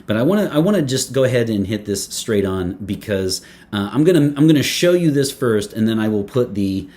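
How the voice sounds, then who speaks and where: A man's voice: on the low side, big pitch swings, a little fast, darkish tone. A man reviewing a fragrance in casual talk to camera, playful and chatty, with many fillers, restarts and joking asides.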